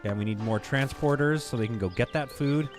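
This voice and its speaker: Male streamer, casual game commentary, rambling and self-deprecating, mid-pitched, music behind. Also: fairly quick. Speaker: gaming streamer.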